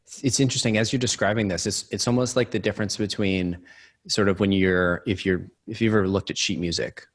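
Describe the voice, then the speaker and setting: A man co-hosting a podcast in relaxed, chatty, self-deprecating conversation with his guest. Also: on the low side, fairly quick. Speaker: podcast co-host. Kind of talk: casual interview chat.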